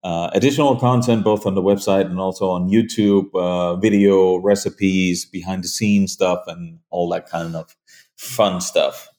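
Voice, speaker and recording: Guest interviewee: a man with a deep voice, earnest, halting speech full of fillers. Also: steady tone, a little mellow. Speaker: hunting show creator, guest. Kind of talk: conversational interview.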